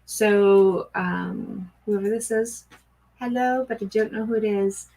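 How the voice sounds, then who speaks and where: A woman's voice: medium pitch, takes it slowly, low-quality recording. A middle-aged woman doing a live-stream oracle card reading, chatting with viewers and greeting them by name. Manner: chatty, warm greetings to viewers, gushing excitement.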